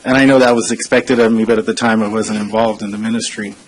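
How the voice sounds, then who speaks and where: A consultant in his forties speaks earnestly at a council chamber podium during public comment. His tone is conversational, full of hesitations and frequent "uh" fillers. The voice is lowish with little pitch movement, the pace is fast, and the recording is rough.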